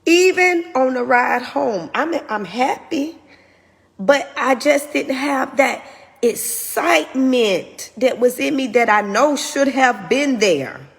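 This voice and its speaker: A woman's voice: sits high, expressive, slow pace, creaky, long reverb tail. A woman hosting her own show, candidly telling a personal testimony in an earnest, open way. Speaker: host.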